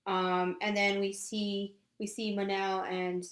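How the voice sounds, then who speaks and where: A woman's voice: mid-range voice, level tone, slow, echoey room. A woman co-hosting a TV review podcast, leading the discussion in a thoughtful, casual way. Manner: thoughtful, hesitant restarts, leads the topics. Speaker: podcast co-host.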